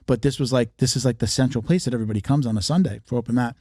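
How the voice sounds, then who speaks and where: Fast-talking man telling stories. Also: mid-range voice, mellow, no echo, studio quality. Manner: storytelling, emphatic, with many restarts. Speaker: martial arts marketing expert, podcast guest. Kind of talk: casual podcast conversation.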